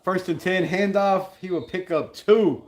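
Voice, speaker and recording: A man hosting a live game-watch stream, excitable and blunt, calling plays, griping about flags and greeting chat viewers. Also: sits high, a little slow. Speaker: livestream host.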